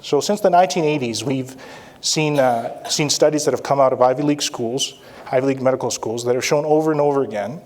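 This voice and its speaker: A man's voice: mid-range voice, quick pace, darkish tone. A man who works as an anesthesiologist, presenting an interactive talk at a conference and checking in with the audience again and again. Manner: interactive, repeats "all right?" often.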